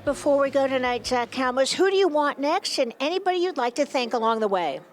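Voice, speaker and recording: A woman's voice: high voice, expressive, a little fast, faint music behind. A woman interviewer asking a fighter questions after a bout.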